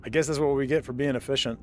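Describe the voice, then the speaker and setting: A man from the American South streaming a game live, talking in a casual, rambling way and laughing often. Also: on the high side. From Southern United States, Florida. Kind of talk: casual live-stream chat while gaming.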